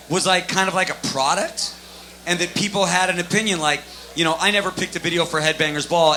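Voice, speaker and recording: Male panelist, fairly high bright voice, animated storyteller. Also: a little hiss or hum. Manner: animated, storytelling with acted quotes. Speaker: panelist, former music TV host. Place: live expo panel stage.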